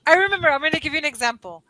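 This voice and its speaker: A woman from California tutoring English in a chatty, animated online conversation lesson over a video call, laughing often. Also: sits high, fast talker, no echo, poor audio.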